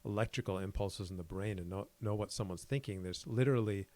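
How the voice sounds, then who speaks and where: A man's voice: lowish voice, fast talker, darkish tone. A man co-hosting a podcast, rambling casually and acting out quoted exchanges. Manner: rambling, laughs often, acts out quotes. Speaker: podcast co-host.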